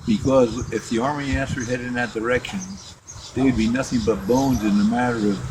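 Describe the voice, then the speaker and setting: A man's voice: mid-range voice, fairly even intonation. Rambling older man telling old stories. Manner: rambling, restarts often, drawn-out storytelling. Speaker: interviewee telling war stories. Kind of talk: casual reminiscing interview. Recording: home recording with noticeable background noise.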